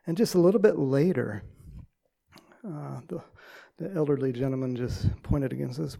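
A man preaching a sermon and telling a story, in a halting way with many pauses and filler sounds. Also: fairly high pitch, creaky, warm tone. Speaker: pastor.

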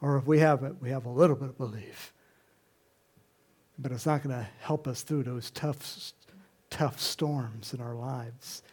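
A preacher delivering an animated sermon, swinging between hushed and loud passages. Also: mid-range voice, unhurried, breathy edge.

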